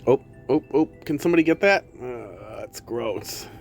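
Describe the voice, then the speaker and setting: A man's voice: medium pitch, expressive, moderate pace, faint music behind. A man streaming live, chatting casually with his viewers and cooing to his pets.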